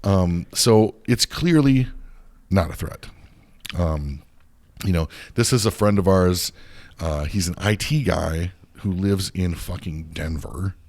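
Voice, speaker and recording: A man's voice: low-pitched, slow pace, darkish tone. A man hosting a podcast, telling a long story in a heated, profane rant that rambles and restarts often. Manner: profane, heated, swears constantly. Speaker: podcast host.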